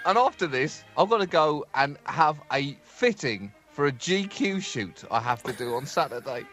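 A man co-hosting a comic podcast, joking in a self-deprecating, animated way. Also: on the high side, moderate pace, soft background music. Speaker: podcast co-host.

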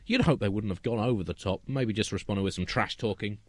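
A man co-hosting a satirical comedy podcast, delivering puns in a deadpan way and chuckling at his own jokes. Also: fairly low pitch, brisk, no room sound. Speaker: co-host.

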